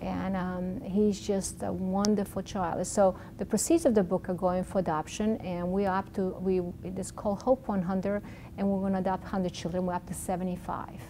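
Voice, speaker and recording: A middle-aged woman with a Yugoslav accent tells a story in an interview and slips into the voices of the people in it. She often restarts her sentences. A faint rumble sits under her voice. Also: moderate pace. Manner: animated storyteller who acts out dialogue, frequent restarts. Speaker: interview guest, oncologist.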